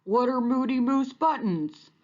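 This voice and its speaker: A woman's voice: sits high, measured pace, a little mellow, lo-fi sound, pitched above the performer's own voice. A woman voicing a moody male moose who swings between laughing and crying, in a storybook read-aloud. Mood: cheerful. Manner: emotional, wailing and sobbing.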